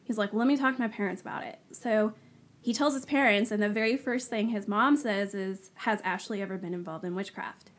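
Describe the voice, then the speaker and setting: A woman, a guest on the show, telling her personal story in a casual, animated way, acting out the dialogue she quotes. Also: medium pitch, fairly quick. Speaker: guest sharing her testimony.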